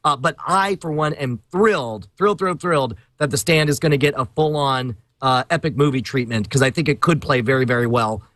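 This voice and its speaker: A podcast co-host chats casually and enthusiastically, repeating words for emphasis. His medium-pitched, slightly bright voice is brisk with few pauses, and the recording is dry.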